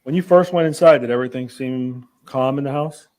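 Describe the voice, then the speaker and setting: A man questioning a witness in court with brisk, leading questions. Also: mid-range voice, darkish tone. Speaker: attorney.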